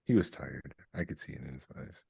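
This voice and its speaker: A man's voice: a bass voice, brisk, gravelly, dark tone, husky, dry recording. A man co-hosting a podcast in casual chat, with a dry, self-mocking humor. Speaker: podcast co-host.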